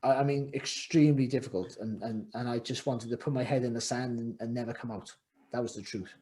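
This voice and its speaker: A man's voice: mid-range voice, fairly even intonation, brisk, mellow. A middle-aged man, a former boxer, telling his story in a podcast interview, rambling and restarting his sentences as he reflects. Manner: rambling, repeats words and restarts often, reflective. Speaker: guest, former world champion boxer.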